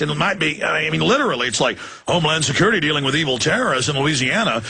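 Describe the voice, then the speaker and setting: Talk radio host, male, middle-aged, heated sarcastic delivery, bright husky tone. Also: on the high side, expressive. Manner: fast, heated, sarcastic ranting.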